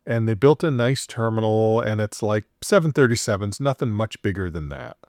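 A man's voice: fairly low pitch, normal speed, dry recording, studio quality. A man casually retelling a story on a podcast, playfully acting out the quoted voices with chuckles. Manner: animated retelling, acts out quoted dialogue with chuckles.

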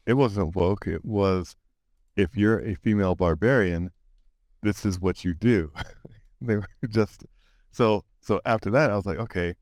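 Casting: low-pitched man, casual podcast host, hesitant and halting, dry close sound. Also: darkish tone, no room sound. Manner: halting, full of restarts and fillers. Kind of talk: casual chat.

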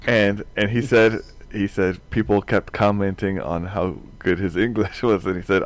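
A man's voice: on the low side, steady tone, moderate pace, hardly any pauses. A man in a casual group chat, telling rambling anecdotes and chuckling often as he goes.

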